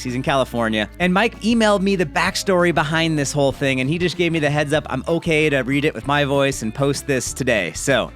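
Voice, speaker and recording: A man hosting a mountain bike video, reading a viewer's story aloud with chatty, joking asides. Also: fairly high pitch. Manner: lively, chatty, jokey asides.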